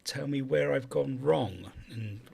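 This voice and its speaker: Casting: a slow, gravelly-voiced man role-playing his character, polite and hesitant. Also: mid-range voice, a little mellow, a little hiss or hum. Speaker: player. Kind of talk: in-character tabletop role-play.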